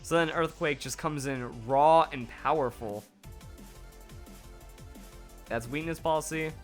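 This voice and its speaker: A man giving excited play-by-play commentary on a video game battle, his voice going hoarse. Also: on the high side, soft background music. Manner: hype, rapid play-by-play with exclamations. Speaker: gaming YouTuber.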